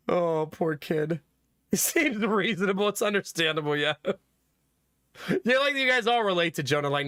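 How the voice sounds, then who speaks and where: A young man chatting with his stream viewers as a father, telling animated stories and laughing often. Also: high-pitched, moderate pace, pauses often, smooth, no room sound, studio quality. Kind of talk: casual chat with stream viewers.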